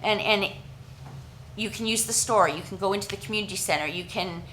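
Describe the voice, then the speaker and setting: A woman's voice: mid-range voice, a little fast, sharp tone, a little hiss or hum, rough recording. Earnest Canadian woman presenting to council. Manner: earnest, with many restarts and fillers.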